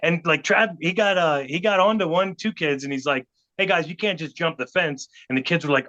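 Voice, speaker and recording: A middle-aged man tells a story as a podcast guest, putting on the voices of the people he quotes. His voice is bright and a touch high. The recording sounds dull and lo-fi. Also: fairly quick, few pauses. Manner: animated, acts out quotes of others. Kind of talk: storytelling anecdote.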